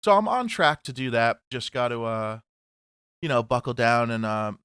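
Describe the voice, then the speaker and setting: A man's voice: medium pitch, sing-song, moderate pace, smooth, no echo, studio quality. Casual swearing podcast guy. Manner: rambling, swears, laughs loudly. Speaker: podcast co-host. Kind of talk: casual chat.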